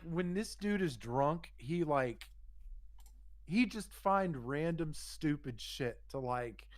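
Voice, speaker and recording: A man casually telling a crude, rambling story on a podcast, swearing often and restarting his sentences. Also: a little high. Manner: rambling, profane, frequent restarts and fillers. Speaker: podcast co-host.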